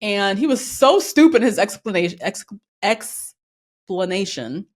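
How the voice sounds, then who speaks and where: A woman co-hosting a podcast, recapping a TV show in casual chat, animated, laughing often and swearing casually. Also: mid-range voice, a little slow. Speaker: podcast co-host.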